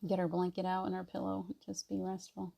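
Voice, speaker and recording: Woman, live stream host, casual chat, greets viewers by name, gravelly, mellow. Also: fairly low pitch, monotone, brisk. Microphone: device mic on a video stream.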